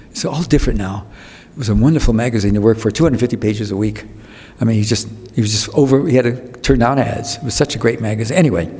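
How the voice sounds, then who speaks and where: A man's voice: medium pitch, a little mellow. A man in his eighties telling rambling anecdotes as a guest speaker, restarting sentences and acting out other people's lines. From United States. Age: 80s. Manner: rambling, with self-interruptions and restarts. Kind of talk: storytelling anecdotes at a public talk. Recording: long hall reverb.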